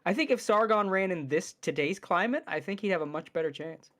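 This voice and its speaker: Animated opinionated podcast man. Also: high voice, brisk. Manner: opinionated, animated, rambling with restarts. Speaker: podcast co-host. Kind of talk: casual podcast chat.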